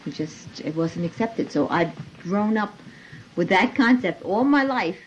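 A woman's voice: mid-range voice, animated, unhurried, slight background noise. A middle-aged mother speaking firmly and lecturing in a family argument. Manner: firm, lecturing. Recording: dull lo-fi home recording.

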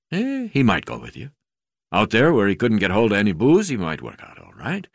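A man voicing a gruff, boozy older male magistrate who croaks and swears through his talk. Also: on the low side, no echo, clean studio sound, pitched above the performer's own voice, exaggerated voice.

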